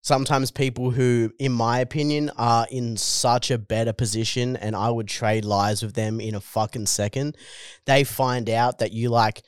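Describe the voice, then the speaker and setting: A man's voice: medium pitch, steady tone, moderate pace, clear, resonant tone, no room sound, studio quality. An Australian man co-hosting a comedy podcast, swearing a lot and saying "dude" constantly as he laughs easily. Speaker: podcast co-host, stand-up comedian. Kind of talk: casual chat.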